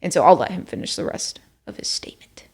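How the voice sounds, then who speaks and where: A woman's voice: fast talker, darkish tone, whispered. A woman from Texas hosting a show, talking in a chatty, self-deprecating way full of fillers. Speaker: show host. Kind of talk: casual commentary.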